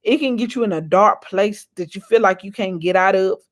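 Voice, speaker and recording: A woman's voice: mid-range voice, brisk. Folksy preaching woman vlogger. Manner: preachy, repetitive, encouraging; folksy, calls out to viewers. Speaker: inspirational vlogger. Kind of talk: faith-based motivational monologue.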